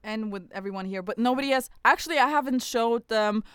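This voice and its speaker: Chatty woman podcast host with a smooth voice. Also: on the high side, fairly quick, fairly bright tone, no echo. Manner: chatty, laughs often, frank and playful. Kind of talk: casual podcast chat.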